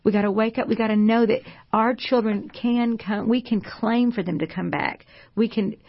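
A woman's voice: on the high side, steady tone, normal speed, vocal fry, dull audio. A woman, a pastor's wife giving a fervent, preacherly testimony on a Christian talk show. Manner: fervent, preacherly, repeats phrases.

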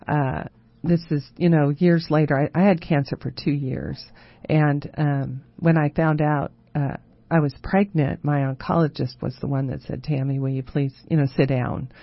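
A woman guest telling her life story in a relaxed chat, laughing often and restarting her sentences. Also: low voice, a little slow, dry recording, highs cut off. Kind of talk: casual chat.

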